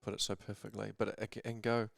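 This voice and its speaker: A man's voice: lowish voice, monotone, fast, vocal fry. A man co-hosting a podcast, earnestly building up to a question, with stuttering restarts. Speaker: podcast co-host. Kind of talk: reflective conversational question.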